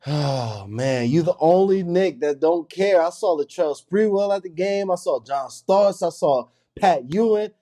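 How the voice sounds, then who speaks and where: Man, co-host, teasing, mellow warm tone, slightly high pitch. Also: lively intonation, measured pace, hardly any pauses. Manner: playful, teasing. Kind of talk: casual banter.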